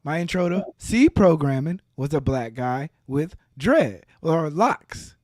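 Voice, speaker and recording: Fortyish man; relaxed guest recorded dry and close. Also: on the high side, slow, no echo. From Texas. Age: 40s. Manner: relaxed, laughs easily, talks with fillers. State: slightly hoarse from allergies. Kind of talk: casual interview chat.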